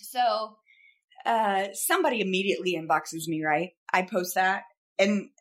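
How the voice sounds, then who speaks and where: A mid-pitched woman co-hosts a chatty podcast and tells stories about her own busy life. She tells them in an animated, self-mocking way and often laughs partway through. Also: measured pace. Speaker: podcast co-host, photographer. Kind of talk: casual storytelling chat.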